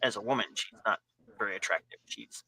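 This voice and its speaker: A man's voice: fairly low pitch, fairly quick, pushed and bright, rough recording. A man narrating a tabletop game as game master in a casual, descriptive way.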